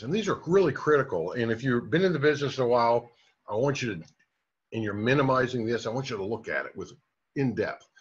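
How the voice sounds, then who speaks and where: Male sales coach with a slightly raspy voice, direct and motivating, lo-fi recording. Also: medium pitch. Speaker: sales trainer. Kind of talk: training talk.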